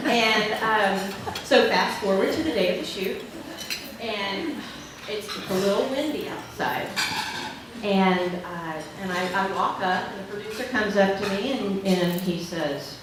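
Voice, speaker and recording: Woman keynote speaker, lively storyteller, recorded from far off in a roomy hall. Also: mid-range voice, a little slow, background noise. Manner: lively anecdotal storytelling with laughs. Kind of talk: storytelling speech to an audience. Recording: echoey hall from far off with dish clatter.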